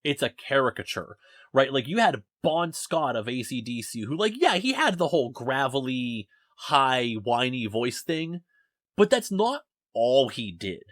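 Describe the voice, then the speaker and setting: A man's voice: mid-range voice, a bit bright, dry recording. Young male podcast host, rambling and self-deprecating, dry close sound. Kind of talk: casual podcast chat. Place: home basement.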